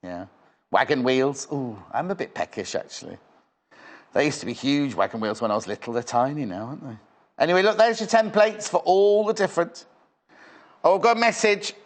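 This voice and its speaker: A man's voice: fairly high pitch, lively intonation, brisk. A man presenting live on a shopping channel in a studio, with chatty, rambling sales patter.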